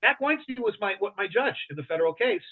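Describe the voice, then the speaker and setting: A man being interviewed as a guest, talking in heated, rushed answers full of restarts, heard over a tinny phone-like line. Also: sits high, sing-song. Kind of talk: rapid talk-show interview answers.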